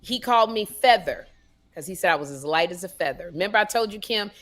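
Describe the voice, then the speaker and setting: A woman co-hosting a comedy podcast, telling stories in a sassy, animated way and acting out voices. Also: fairly low pitch, fast. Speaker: podcast co-host. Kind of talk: casual comedic storytelling.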